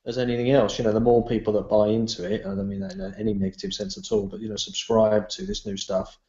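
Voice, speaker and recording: A man's voice: fairly low pitch, big pitch swings, fast, vocal fry, darkish tone. A man guest in a discussion, rambling loosely with lots of "you know". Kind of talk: casual discussion. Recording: echoey room, dull lo-fi sound.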